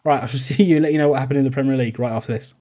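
A man's voice: medium pitch, racing, warm tone. A young man giving chatty, jokey commentary on a football management game, often laughing. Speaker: video game YouTuber. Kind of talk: casual gameplay commentary.

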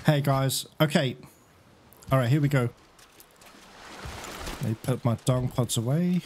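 A young man giving live gameplay commentary as a channel host, excitable, swearing and groaning at the game. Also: medium pitch, a little slow, slight background noise. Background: game music.

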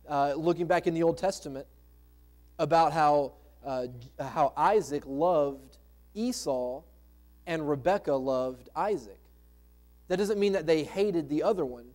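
Guy preaching in church, kinda high voice, chatty, keeps asking the room questions. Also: measured pace, a little mellow. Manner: conversational preaching with rhetorical questions. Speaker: pastor. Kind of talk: sermon. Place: church sanctuary.

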